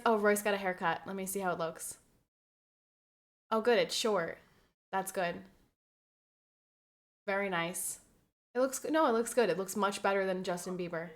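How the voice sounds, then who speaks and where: A young woman streaming live, chatting casually with her viewers, venting gossip and reacting to the chat in an animated way. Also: mid-range voice, moderate pace, pauses often.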